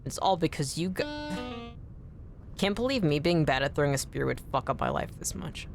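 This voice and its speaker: A woman with a gravelly voice streams a video game over soft background music, chatting with viewers. She swears often and frustrates easily, her pitch jumping high when a miss annoys her.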